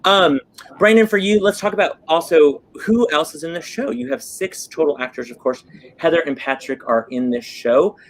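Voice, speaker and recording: A man's voice: on the high side, expressive, normal speed, slight background noise. A man from New Mexico hosting an interview, enthusiastic, chatty and gushing. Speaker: host. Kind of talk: casual interview chat.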